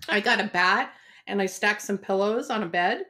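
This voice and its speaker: A woman's voice: medium pitch, moderate pace, bright, forceful tone. A woman hosts an interview and affirms what her guest says, then shares her own experiences in turn. Her voice sits in a middle register with a plain, conversational delivery. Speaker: interview host.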